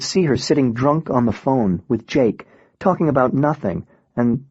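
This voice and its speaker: A man narrating an audiobook in the first person with a steady, reflective reading. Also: medium pitch, moderate pace, husky, dry recording, muffled recording.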